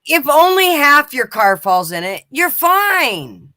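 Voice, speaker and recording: A woman's voice: high voice, big pitch swings, slow pace, sharp tone, dry recording, studio quality. A woman co-hosting a podcast, teasing the others bluntly and swearing freely. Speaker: podcast co-host. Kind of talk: crude joking pub banter.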